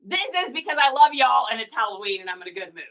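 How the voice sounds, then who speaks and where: A woman's voice: fairly high pitch, very animated, fast, fairly bright tone. A woman hosting a casual livestream, playful and joking with her viewers. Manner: playful, sings along and jokes with viewers. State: out of breath. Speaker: online reseller livestream host.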